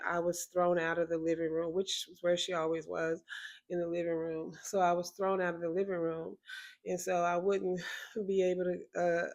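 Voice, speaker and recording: A woman telling a painful personal story in a repetitive, emotional, halting monologue. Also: on the low side.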